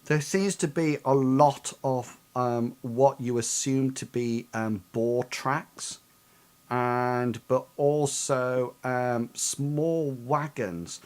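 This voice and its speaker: A man's voice: mid-range voice, drawn-out words, a little mellow. A man narrating as game master of a tabletop game over voice chat, hesitant and full of ums. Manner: hesitant, filled with ums and likes.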